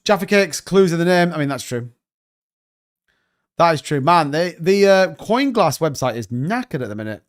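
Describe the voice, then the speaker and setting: A man's voice: on the high side, very animated, moderate pace. A man hosting a casual livestream, joking and bantering as he reads out chat comments. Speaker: crypto livestream host.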